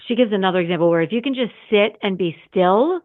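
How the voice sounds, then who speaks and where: A middle-aged woman hosting a podcast in casual solo talk, animated and repetitive, sometimes acting out her own flustered voice. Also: mid-range voice, fast talker, narrow, tinny audio. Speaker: podcast host.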